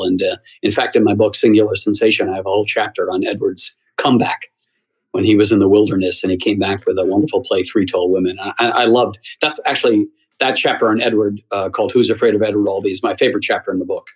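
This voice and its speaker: A middle-aged man from the United States, a theater critic, telling lively stories as a guest in an interview. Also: lowish voice, slightly rough, rough recording. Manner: animated storyteller who acts out quoted voices. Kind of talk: anecdotal interview storytelling.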